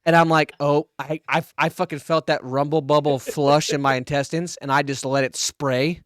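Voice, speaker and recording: A man's voice: fairly high pitch, fairly even intonation, normal speed, no room sound, studio quality. Crude laughing storyteller man. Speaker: podcast co-host. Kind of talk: casual storytelling chat.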